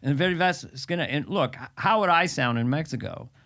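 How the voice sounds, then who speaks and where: A man's voice: fairly high pitch, expressive, fairly bright tone, slight background noise. Playful older man hosting a podcast. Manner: playful, slips into quick impressions and voices. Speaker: podcast host. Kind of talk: casual comedic chat.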